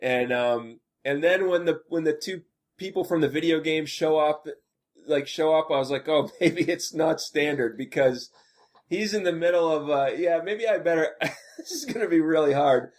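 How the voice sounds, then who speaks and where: Man, podcast guest, casual chat, stammering, flustered, fairly high voice. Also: normal speed.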